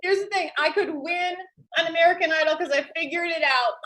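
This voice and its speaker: A woman's voice: extremely high pitch, brisk, sharp tone. A young woman doing playful stand-up over a video call, laughing at her own jokes. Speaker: comedian.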